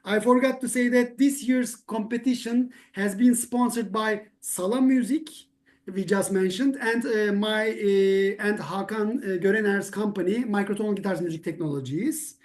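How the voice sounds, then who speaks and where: A man's voice: high-pitched, moderate pace, darkish tone. Hesitant man hosting an awards ceremony. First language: Turkish. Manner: hesitant, many "uh" fillers, friendly.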